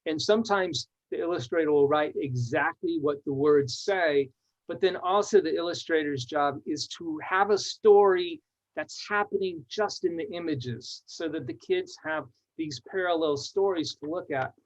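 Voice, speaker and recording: A man's voice: fairly high pitch, moderate pace. A man, a children's author, presenting his book with enthusiasm and reading verses aloud in a rhythmic way. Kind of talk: book talk to readers. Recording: dull lo-fi audio.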